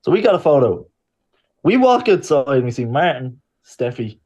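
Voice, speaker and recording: A man's voice: mid-range voice, normal speed, slightly rough. A man, a podcast co-host telling a story in casual chat and acting out the lines of the people in it. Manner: lively storyteller, acts out quotes.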